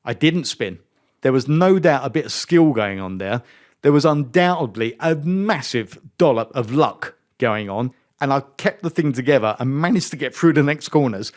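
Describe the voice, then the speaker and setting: Lively, self-mocking middle-aged man storyteller. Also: medium pitch. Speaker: guest, former racing driver. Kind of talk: anecdotal storytelling interview.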